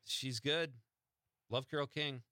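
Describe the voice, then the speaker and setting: A man's voice: medium pitch, fairly even intonation, a little slow, sharp tone, no room sound. A man hosting a radio show from the studio, chatting casually and teasing his co-host. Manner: joking, teasing.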